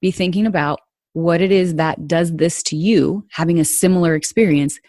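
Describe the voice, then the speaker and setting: A podcast host tells her listeners a personal story, earnest and confiding, calling them "you guys" as she speaks straight to them. Her voice is fairly low with a darkish tone at a normal pace. The studio-quality recording has no room sound.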